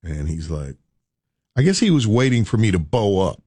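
A man with a low, husky voice spins a personal story with folksy humor and well-timed pauses. His pitch rises and falls freely as he acts out the tale, heard close and dry with no room sound. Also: dry recording. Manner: animated, folksy, vivid story delivery with dramatic pauses; humorous asides. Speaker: speaker telling a personal story. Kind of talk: storytelling talk.

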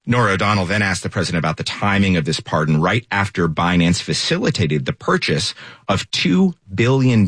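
A man's voice: low voice, a bit bright, breathy edge, dry recording. A man anchoring a news panel, setting up stories and leading questions to his guests.

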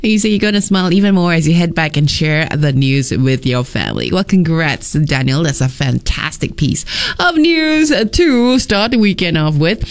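A woman's voice: fairly low pitch, big pitch swings, moderate pace. A woman hosting a radio show in a studio, chatting casually and reading listener messages with lots of fillers. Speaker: radio host.

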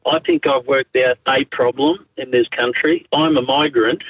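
A man's voice: medium pitch, fairly even intonation, moderate pace, fairly bright tone, breathy edge, no echo. A man with a broad Australian accent calling a radio show, blunt and matey as he gives his opinions. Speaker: caller. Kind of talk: talkback call. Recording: tinny phone line.

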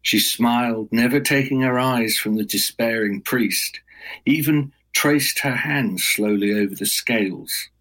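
Slow, husky male storyteller. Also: medium pitch, a bit bright, poor audio. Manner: measured, dramatic storytelling. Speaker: storyteller guest. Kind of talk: oral folk-tale telling.

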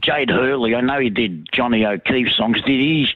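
A man's voice: medium pitch, moderate pace, dry recording. A man calling a radio show, friendly and a little rambling. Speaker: radio caller. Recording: tinny phone line.

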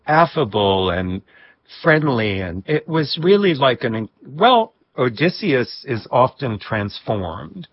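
A man recalling personal memories in a reflective interview, with a husky voice and soft laughs. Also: medium pitch, sing-song, slow pace, no echo, muffled recording. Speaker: guest. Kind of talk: reflective storytelling.

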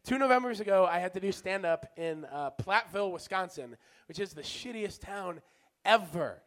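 Brief: self-deprecating male stand-up, higher voice, loud-to-soft swings. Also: expressive, moderate pace. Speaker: stand-up comic. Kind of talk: stand-up storytelling.

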